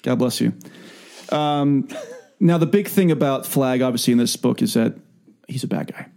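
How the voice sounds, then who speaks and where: A man's voice: medium pitch, vocal fry, warm tone. A man hosting a book podcast, chatting enthusiastically and reading passages aloud. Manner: enthusiastic, joking, halting restarts. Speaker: podcast host. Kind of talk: casual book-club chat, reads passages aloud.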